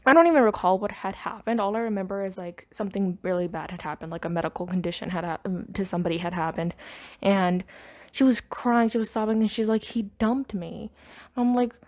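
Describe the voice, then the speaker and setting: A woman's voice: mid-range voice, quick pace, a little mellow. A woman hosting a podcast, telling a personal story in a rambling, chatty way. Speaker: podcast host. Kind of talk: casual storytime monologue.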